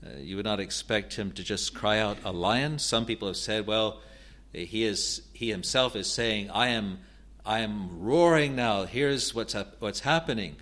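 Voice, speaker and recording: A man teaching through Bible verses in a halting way, often restarting and repeating words, and reading scripture passages aloud with rising emphasis. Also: on the low side, fairly bright tone.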